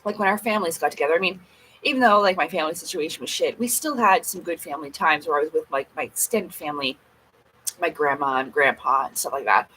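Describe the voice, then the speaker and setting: A woman's voice: sits low, fast, pushed and bright, slight background noise, low-quality recording. A woman in her forties hosting a casual livestream, chatty and rambling. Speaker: livestream host.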